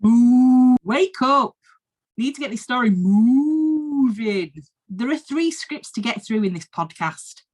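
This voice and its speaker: A woman's voice: a little high, expressive, takes it slowly, low-quality recording. A woman, host of the show, narrating her comic script in a dry, mock-solemn way.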